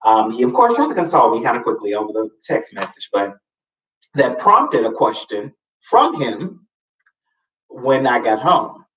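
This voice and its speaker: Animated man telling a story, roomy sound. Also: normal speed. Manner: expressive, swoops high for emphasis, sassy asides. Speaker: host. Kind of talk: casual storytelling monologue. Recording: roomy, slightly distant mic.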